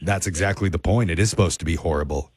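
A man's voice: sits low, fast, slightly rough, no room sound. Playful radio prank caller, man. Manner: playful, deadpan fake producer patter. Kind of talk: morning radio prank call.

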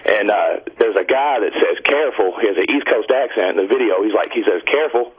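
Husky-voiced male radio caller. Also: fairly low pitch, fast talker. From Indiana. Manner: rambling, excited storytelling with fillers. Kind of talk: call-in radio story. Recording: dull radio line.

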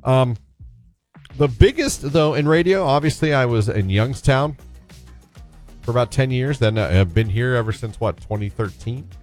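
A man's voice: medium pitch, lively intonation, moderate pace, darkish tone, soft background music. A man hosting a casual radio talk show, telling a self-deprecating story and inviting listeners to call in.

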